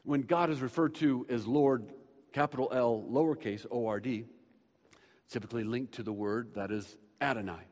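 A male pastor delivering a sermon in a church, animated and prone to repeating words, with the odd joking aside. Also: medium pitch, normal speed. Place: church sanctuary with screens. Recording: long hall reverb.

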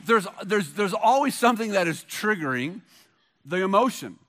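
A middle-aged male pastor preaches a sermon, telling stories conversationally and hitting key points with bursts of hard emphasis. His high-pitched voice is a bit bright, with lively intonation at normal speed.

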